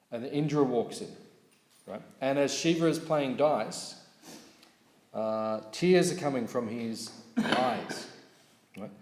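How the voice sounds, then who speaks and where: A man's voice: medium pitch, creaky. Man telling scripture stories in an echoey hall. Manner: lively storyteller, asks audience questions, laughs. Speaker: temple class speaker. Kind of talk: scripture class storytelling. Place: temple hall.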